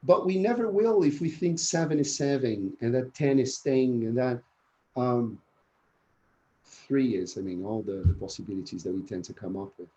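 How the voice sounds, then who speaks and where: A man's voice: medium pitch, a little fast, highs cut off. A man training teachers in an online conference talk, speaking energetically and often checking in with "yeah?". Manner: energetic, keeps asking "yeah?". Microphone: video call.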